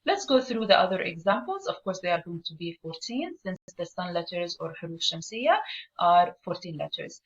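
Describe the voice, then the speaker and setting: A woman's voice: on the low side, big pitch swings, moderate pace. A woman, an Arabic teacher explaining a lesson step by step and asking her learners questions. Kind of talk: online language lesson. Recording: dull lo-fi recording.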